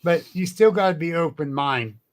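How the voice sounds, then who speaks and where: A man's voice: on the high side, moderate pace. Blunt, salty man telling stories. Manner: blunt and salty, laughs often. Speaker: guest, cryptid researcher. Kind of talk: casual storytelling chat.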